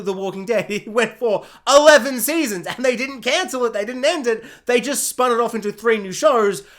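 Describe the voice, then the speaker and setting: A TV reviewer talking sarcastically and laughing often, jumping between high and low pitch.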